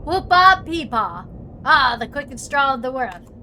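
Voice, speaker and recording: A woman voicing a rowdy Old West cowboy woman with loud, twangy cowboy slang. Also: sits high, expressive, unhurried, a little hiss or hum, exaggerated voice. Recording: faint music behind.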